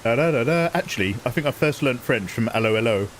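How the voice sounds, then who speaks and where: A man's voice: medium pitch, animated, quick pace, slight background noise, poor audio. A man chatting casually with viewers during a live game stream, playful and joking with a lot of laughter. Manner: playful, jokey, laughing often, hamming up mangled French. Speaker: game livestreamer.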